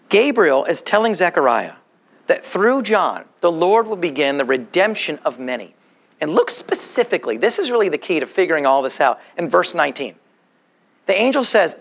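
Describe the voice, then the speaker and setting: Animated, gravelly male preacher. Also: sits high. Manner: animated, conversational teaching with rhetorical questions. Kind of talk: sermon.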